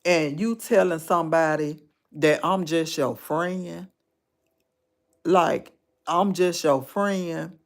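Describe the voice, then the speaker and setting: A woman talks slowly and deliberately, with a gravelly edge to her voice. She tells a personal story casually to her live-stream viewers and leans on repeated phrases for weight. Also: fairly low pitch.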